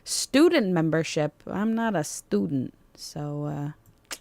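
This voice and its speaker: A woman's voice: deep voice, animated, slow, gravelly, darkish tone, no room sound. A woman streaming live, chatting casually and joking about herself while reacting to a cooking video. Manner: playful, self-joking, chatty asides to chat. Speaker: VTuber streamer.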